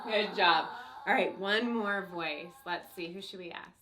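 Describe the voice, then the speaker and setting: A woman teaching a children's grammar class, cheerfully leading the kids through slow call-and-response recitation. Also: fairly low pitch, a crowd in the background. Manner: cheerful, leads children in repeating lines slowly.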